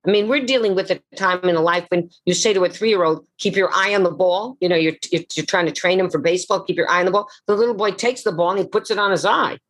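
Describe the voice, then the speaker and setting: An older woman, an actress, telling her life story theatrically on a video call, slowing and dropping low for emphasis. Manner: dramatic, slows for emphasis, drops low on key words. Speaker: actress and memoir author, guest.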